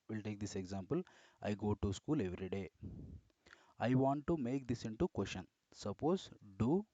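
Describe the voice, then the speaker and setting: A man's voice: mid-range voice, dull audio. Repetitive man teaching grammar. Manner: repetitive, self-correcting, explains step by step. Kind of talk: screen-recorded grammar lesson.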